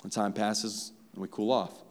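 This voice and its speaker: A man's voice: fairly low pitch, little pitch movement, moderate pace. A man preaching a sermon in a conversational style, speaking directly to his congregation. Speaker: pastor. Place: church sanctuary. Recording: long reverb of a church hall.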